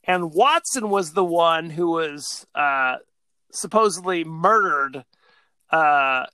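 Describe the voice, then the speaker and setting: A man's voice: fairly high pitch, expressive, slow pace, sharp tone, clear, resonant tone, no echo, studio quality. A man co-hosting a podcast in casual chat, rambling along with frequent fillers. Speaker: podcast co-host.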